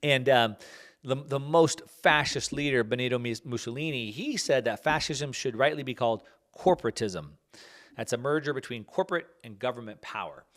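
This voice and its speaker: A man's voice: mid-range voice, normal speed, a bit bright. A man hosting a podcast, talking off the cuff in a rambling way, with many fillers and restarts. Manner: plugs his own book. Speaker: podcast host. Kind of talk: casual podcast monologue.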